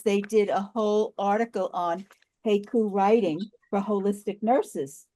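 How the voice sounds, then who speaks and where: An older woman facilitating a group video call, gently explaining and repeating instructions. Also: mid-range voice, dry recording.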